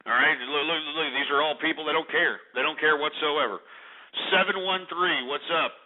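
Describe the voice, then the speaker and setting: A man's voice: fairly high pitch, normal speed. A man hosting a call-in radio show, ranting angrily and berating his callers. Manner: angry, exasperated, insulting callers. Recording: tinny phone-like audio.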